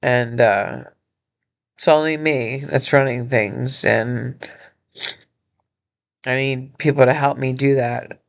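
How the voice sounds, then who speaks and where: Injured woman host, emotional and earnest, halting delivery, in a hospital room. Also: very deep voice, fairly even intonation, creaky. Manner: earnest, halting, with many pauses and restarts. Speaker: podcast host and nonprofit founder. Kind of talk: personal appeal monologue.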